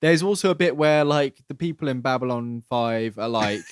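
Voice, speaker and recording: A man's voice: medium pitch, moderate pace, smooth, dry recording. A man co-hosting a podcast, animatedly recapping a series and acting out quoted lines. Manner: animated, acts out quoted lines, swears freely. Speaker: podcast co-host. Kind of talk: casual chat recapping a series.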